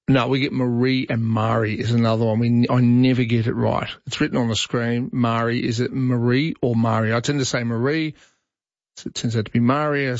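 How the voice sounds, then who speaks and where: Brisk Australian talkback radio host man. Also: medium pitch, dry recording, dull audio. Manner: brisk, interrupting, opinionated.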